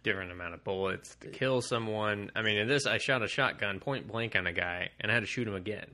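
A man's voice: fairly low pitch, fast talker, sharp tone. A man co-hosting a podcast, talking casually in a blunt, profane, ranting way. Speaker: podcast co-host. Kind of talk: casual chat.

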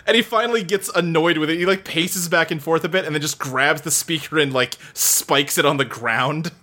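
A man's voice: a little high, normal speed. A man co-hosting a casual chat, telling scenes from an episode with amused energy. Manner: lively, amused storytelling. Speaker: podcast co-host.

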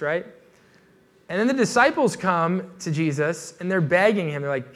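A man's voice: fairly high pitch, animated, fairly quick, a bit bright. A man preaching a sermon in a loose, casual way, with many fillers and restarts.

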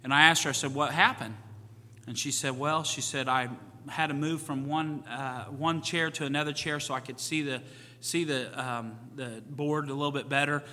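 Bright-voiced pastor preaching in a reverberant church. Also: male voice, mid-range voice, fairly even intonation, normal speed. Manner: folksy, repeats "you know what?", acts out quoted voices. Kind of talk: sermon. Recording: church sanctuary with long reverb.

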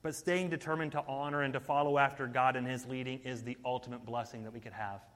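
Bright-voiced man preaching in a hall. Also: mid-range voice, fast. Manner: energetic, conversational preaching. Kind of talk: sermon.

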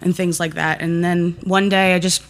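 A woman's voice: lowish voice, little pitch movement, moderate pace. A woman who writes horror novels, talking casually and cheerfully as a podcast guest. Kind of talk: casual chat.

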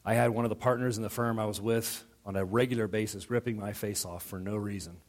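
Animated male pastor preaching a sermon. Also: fairly low pitch, fast. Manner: animated, acts out quoted voices, frequent stammered restarts.

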